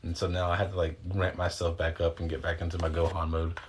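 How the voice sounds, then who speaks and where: A man's voice: sits low, monotone, quick pace, slight background noise. A man chatting casually on a livestream, rambling in loose slang with some swearing, answering viewer questions and guiding breathing exercises, speaking into a phone. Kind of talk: casual livestream chat and guided breathing instruction.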